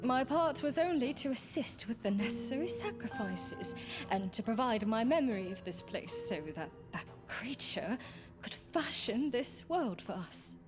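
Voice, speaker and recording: In a visual novel, a woman voices a quietly menacing, possessive old friend with a fairly high, animated voice and a cryptic mood. She speaks formal, archaic lines slowly, often slipping into hushed, unvoiced whispers, while game soundtrack music plays clearly in the background.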